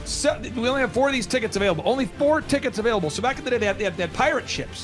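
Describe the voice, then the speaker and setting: A man hosting a business podcast, talking in animated, jokey, rambling banter with frequent restarts. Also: very high-pitched, very fast, few pauses, music in the background. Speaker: host.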